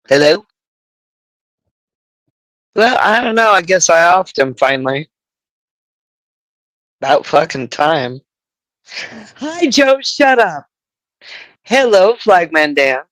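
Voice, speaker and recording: A woman hosts a casual livestream, rambling and swearing as she goes. She talks slowly, taking her time. Her voice sounds dry and close. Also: lowish voice, big pitch swings, no room sound, poor audio. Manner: profane and rambling. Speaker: livestream host.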